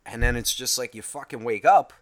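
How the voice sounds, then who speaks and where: A man's voice: mid-range voice, fairly quick. A man telling a rambling everyday story in a casual comic monologue, swearing heavily. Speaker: host.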